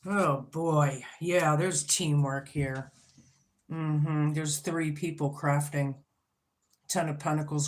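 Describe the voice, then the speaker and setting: A woman with a low voice reads tarot cards in a casual video, speaking in an unhurried, drawn-out way. She is blunt and swears freely, talking half to her viewers and half to herself. A faint hiss sits under her voice. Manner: talks to herself while laying cards. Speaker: tarot reader. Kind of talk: casual tarot reading vlog.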